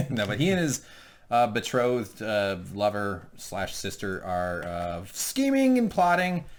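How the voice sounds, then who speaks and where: A man's voice: lowish voice, slow pace, a little hiss or hum. A man co-hosting a casual TV episode recap, joking and swearing freely. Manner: joking, profane, animated. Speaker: podcast co-host.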